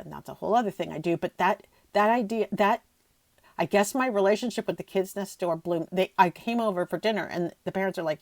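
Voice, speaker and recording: A woman's voice: lowish voice, darkish tone, no room sound. Emotional woman podcaster, dry close sound. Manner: emotional, gushing, voice catching near tears; rambling with frequent restarts. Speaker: podcast host. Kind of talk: emotional solo podcast talk.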